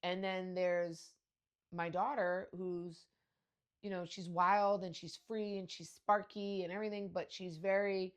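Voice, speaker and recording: A woman's voice: on the low side, little pitch movement, a little slow, clear, resonant tone. A woman in her forties hosting a podcast, telling casual stories in a brash, profane way with frequent laughter. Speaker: podcast host. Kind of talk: casual storytelling monologue.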